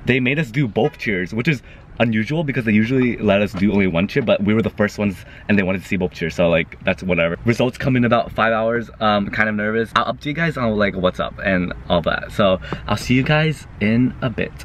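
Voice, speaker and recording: Young male vlogger, gushy and excitable, nervous energy, light background hiss. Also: lowish voice, fairly quick. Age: young adult. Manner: excitable, gushing, lots of "oh my God". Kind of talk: casual vlog talk to camera.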